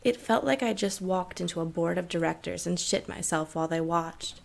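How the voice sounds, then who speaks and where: A woman narrating a scripted horror story in a steady, measured way. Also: lowish voice, vocal fry.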